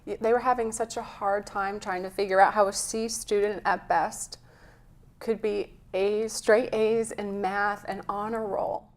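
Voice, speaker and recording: A woman's voice: mid-range voice, flat delivery, unhurried. A woman guest and health coach, talking earnestly in an interview, telling a story with some emotion. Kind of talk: conversational interview.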